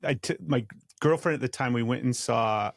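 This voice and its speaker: A man's voice: medium pitch, moderate pace, gravelly, no echo, clean studio sound. A man co-hosting a podcast, telling a story casually in an easygoing, self-mocking way.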